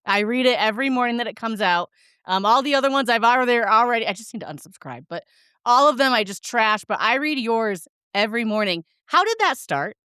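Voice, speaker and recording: A woman's voice: on the high side, lively intonation, a little fast, smooth, dry recording, clean studio sound. A woman hosting a podcast, chatting in a casual way and heaping praise on her guest. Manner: chatty and warm in praise, with fillers and restarts. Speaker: podcast host. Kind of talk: casual interview chat.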